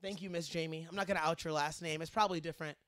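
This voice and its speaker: A man's voice: on the high side, steady tone, racing, fairly bright tone, no echo, clean studio sound. A man with a Cleveland accent, co-hosting a casual podcast, swearing freely and teasing with mock outrage. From Cleveland, Ohio. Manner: profane, laughing, mock-outraged. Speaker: podcast co-host.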